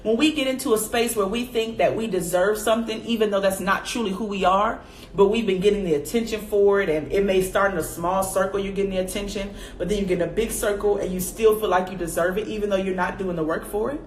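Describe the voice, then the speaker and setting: Animated woman telling her story in an echoey room. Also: fast talker. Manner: animated, acts out her own past reactions in a high voice; addresses viewers directly as y'all. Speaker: faith vlogger. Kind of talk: personal storytelling to camera. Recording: echoey room with faint background noise.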